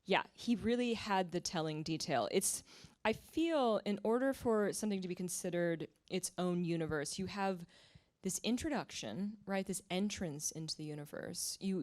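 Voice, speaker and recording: Casting: woman writer at a live library talk, lower-pitched voice, chatty, laughs easily, reads lines aloud. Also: a little mellow. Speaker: guest writer. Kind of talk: conversational seminar reading aloud. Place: library event room with live audience.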